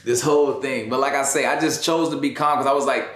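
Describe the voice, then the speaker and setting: A man's voice: medium pitch, fairly even intonation, quick pace, fairly bright tone, echoey room. A man telling, with strong emotion, the story of his son's accident in an interview, in casual slangy speech. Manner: slangy, emotional, repeats "you know what I'm saying".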